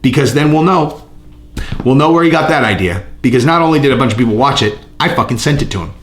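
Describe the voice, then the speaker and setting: A man hosting his own channel, riffing casually and profanely on fight news in a rambling, excitable way. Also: medium pitch, quick pace, roomy sound. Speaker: channel host. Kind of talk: casual fight commentary vlog.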